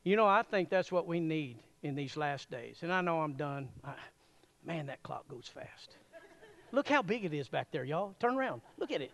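A man preaching a sermon in a church, folksy and animated, chuckling often as he addresses the congregation. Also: a little high, normal speed. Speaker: pastor.

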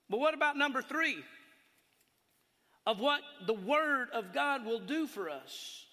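A man preaching a sermon in a folksy, animated way, telling stories and laughing along with them. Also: high-pitched. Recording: long hall reverb.

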